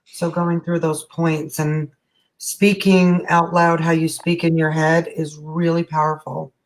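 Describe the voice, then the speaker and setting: A woman's voice: low voice, little pitch movement, unhurried. Chatty, frank middle-aged woman healer. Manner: chatty, frank, swears casually. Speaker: energy healer. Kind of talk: casual live healing session.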